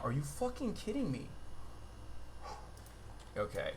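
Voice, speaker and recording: A man's voice: medium pitch, lively intonation, normal speed, long pauses, fairly bright tone. A young man streaming live commentary, rambling, swearing and easily exasperated, recorded on a phone. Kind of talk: livestream commentary.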